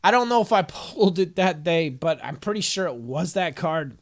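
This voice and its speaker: A man's voice: fairly high pitch, animated, moderate pace. A man chatting loosely in a home vlog, joking and swearing as he reads out an affirmation card and talks to his cat. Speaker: spiritual vlogger. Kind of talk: casual rambling vlog with card reading.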